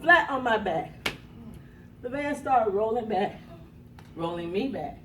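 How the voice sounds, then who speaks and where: A woman's voice: a little high, lively intonation, slow pace, pauses often, fairly bright tone, slight background noise. A woman motivational speaker telling a dramatic personal story, acting out the quotes with gasps and bursts of laughter. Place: conference room. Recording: echoey room from a distance.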